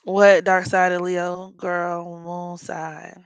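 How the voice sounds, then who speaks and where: A woman's voice: lowish voice, little pitch movement, extremely slow, clear, resonant tone, dry recording, rough recording. A woman from Maryland with a Baltimore accent, hosting a casual astrology chat in a blunt, profane, joking way. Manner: blunt, profane, joking, playful mock voices. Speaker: astrology podcast host.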